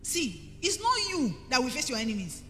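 Nigerian woman pastor, middle-aged, emphatic sermon, bright and animated, echoing hall. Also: high-pitched, moderate pace. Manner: emphatic, rising to forceful preaching. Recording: reverberant hall with faint music.

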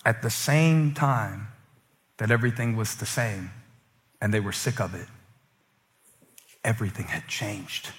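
A middle-aged man preaching a sermon in an animated way, acting out voices and swinging from loud outbursts to hushed lines. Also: on the low side, a little slow, pauses often, long reverb tail. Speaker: pastor.

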